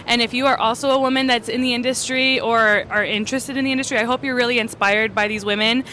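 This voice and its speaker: A woman's voice: on the high side, fairly even intonation, fast, sharp tone, a little hiss or hum. A woman host interviewing guests at a trade show in an upbeat, gushing way.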